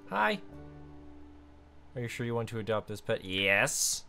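A man hosting a casual let's-play, chatting through his game and now and then bursting into excited high squeals. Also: measured pace, gravelly, soft background music. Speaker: gaming video host.

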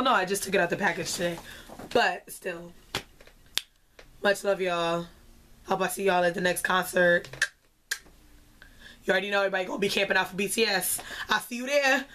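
A young woman vlogger giving an excitable, chatty concert review, full of "like". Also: mid-range voice, a little fast, pauses often, slight background noise. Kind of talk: casual concert review vlog.

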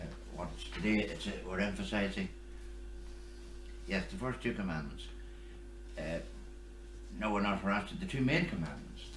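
Priest in an echoey chapel. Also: male voice, deep voice, slight background noise. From Ireland. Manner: loose, off-the-cuff asides with many fillers. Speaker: priest celebrating Mass. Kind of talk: leading a Mass with sung hymn and spoken liturgy. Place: small oratory chapel. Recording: echoey room with instrument accompaniment.

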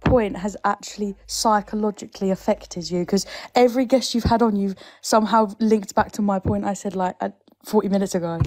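A woman's voice: medium pitch, steady tone, fairly quick, a little mellow. A woman calling in, blunt and teasing, pressing her point with questions. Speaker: caller. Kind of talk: casual argument.

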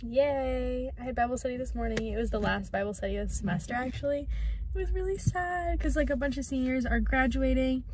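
A woman's voice: high-pitched, brisk, background noise. A twenty-year-old woman from southeastern Michigan talking casually to camera in a vlog, chatty and rambling with lots of "like" and "um". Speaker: vlogger.

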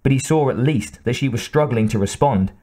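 A man's voice: mid-range voice, a little fast, mellow, husky. Man narrating an audiobook steadily. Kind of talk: scripted narration.

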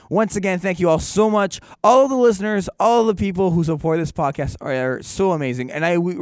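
A man's voice: on the high side, no echo, clean studio sound. A man hosting a podcast in a casual, upbeat way, effusively thanking his listeners and co-hosts. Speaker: podcast host.

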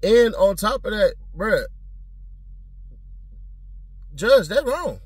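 Husky man ranting casually. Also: high voice, measured pace, dry recording. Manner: animated, blunt, slangy and profane. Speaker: commentator. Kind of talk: casual legal commentary.

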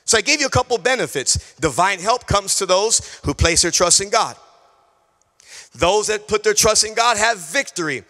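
A male pastor preaching a sermon, telling a personal story in an animated way, acting out conversations and repeating key phrases. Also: high-pitched, moderate pace, big-room sound. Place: church sanctuary.

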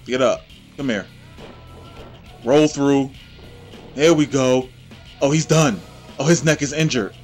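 A man hosting his own gameplay channel, giving excitable, trash-talking play-by-play commentary. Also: medium pitch, takes it slowly, pauses often, soft background music.

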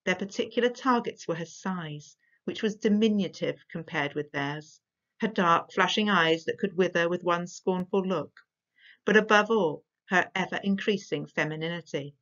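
Woman reading a storybook aloud. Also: lowish voice. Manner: measured, expressive. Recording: dull lo-fi recording.

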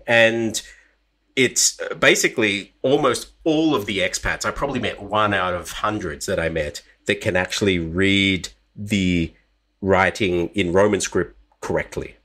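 A man working as a linguist and language coach, quickly and animatedly demonstrating sounds while teaching pronunciation on a podcast. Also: on the low side, bright, forceful tone.

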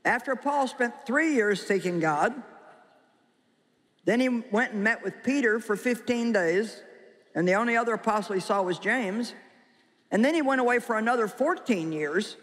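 A woman's voice: on the high side, lively intonation, moderate pace. Emphatic woman preaching in a big hall. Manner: emphatic, joking, quizzes the audience. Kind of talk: sermon to a live congregation. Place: large hall with an audience. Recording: long hall reverb with faint crowd.

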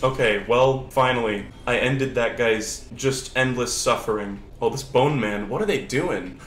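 A young man streaming a video game, chatting casually and excitably with swearing, sudden shouts and laughter. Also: mid-range voice, unhurried, reverberant, slight background noise. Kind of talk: casual gameplay commentary. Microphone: older lower-quality desk mic.

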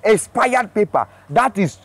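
A man's voice: sits high, measured pace. A man playing a curt police officer. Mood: stern. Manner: curt, ordering, deadpan demands. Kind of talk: comedy skit acting.

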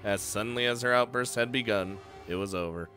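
A man's voice: lowish voice, a little fast, bright, forceful tone, soft background music. Young man reading a game aloud, joking. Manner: joking, swears, laughs between lines. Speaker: let's play player.

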